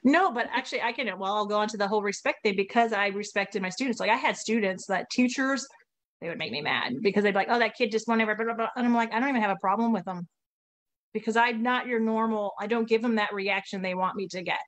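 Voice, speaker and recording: A woman guest who used to teach, chatting casually and telling lively stories with plenty of laughter. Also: mid-range voice, fast. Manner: lively storyteller, laughs a lot, acts out quotes. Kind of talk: casual conversation.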